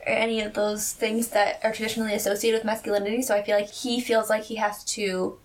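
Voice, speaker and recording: A woman's voice: mid-range voice, flat delivery, fast, far from the mic. A woman co-hosting a podcast, discussing a TV episode in a matter-of-fact, analytical way. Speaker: podcast co-host. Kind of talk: casual chat recapping a TV episode.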